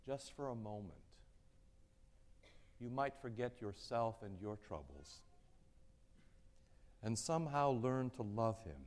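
Slow, gentle male preacher in a reverberant church. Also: medium pitch. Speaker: pastor. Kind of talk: sermon.

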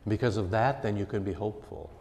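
A man, a pastor, preaching a sermon earnestly and emphatically, his voice rising and falling in loudness. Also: lowish voice, steady tone, quick pace, long reverb tail, a little hiss or hum.

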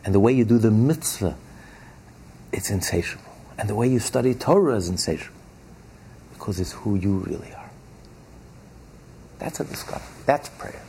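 A man teaching a religious text class, explaining emphatically and repeating key phrases slowly for stress. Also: lowish voice, lively intonation, warm tone, slight background noise.

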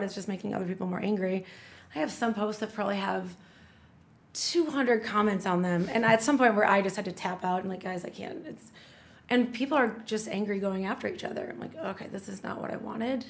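A middle-aged woman in casual podcast conversation, chatty and enthusiastic, often restarting her sentences. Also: mid-range voice. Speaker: guest.

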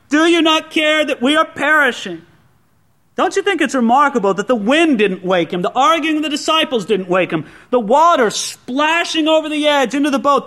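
A pastor preaching a sermon in a conversational way, acting out the quoted speech of others. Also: male voice, very high-pitched, fairly bright tone.

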